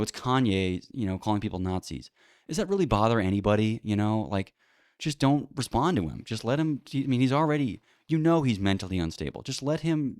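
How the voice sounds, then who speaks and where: A man's voice: fairly low pitch, darkish tone, no room sound, clean studio sound. A man hosting a solo talk show, rambling bluntly with many fillers and restarts. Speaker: podcast host. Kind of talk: casual solo commentary.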